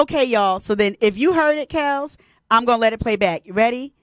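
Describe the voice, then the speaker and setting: Lively high-voiced woman host. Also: a little fast, dry recording, studio quality. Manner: animated, laughs often, talks to viewers by name. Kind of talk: casual live-stream chat.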